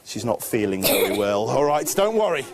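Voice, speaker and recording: Animated man running a kids' magic show. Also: mid-range voice, moderate pace. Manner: playful, animated, coaxing young helpers. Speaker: children's magician. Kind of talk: live magic show with teaching.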